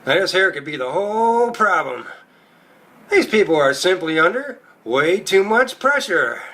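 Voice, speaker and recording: A man doing a stand-up comedy routine, crude and profane, with a rowdy storytelling delivery. His voice sits high and comes across bright and sharp. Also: big pitch swings, a little slow.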